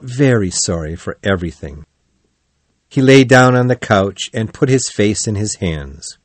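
A man narrating a children's animal story in a measured, clear reading voice. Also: on the low side, animated, no room sound.

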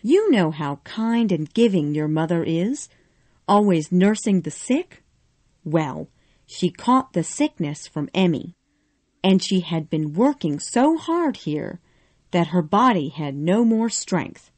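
A woman voicing a devoted, motherly older housekeeper who fusses and comforts in a soft, mellow voice. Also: fairly low pitch, big pitch swings, slow pace, exaggerated voice. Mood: tender. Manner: fussing, comforting.

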